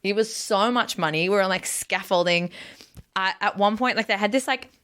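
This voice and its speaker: A woman comedian on a podcast, telling an animated story in casual chat, full of "like" fillers and acted-out quotes. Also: mid-range voice, a little fast, smooth.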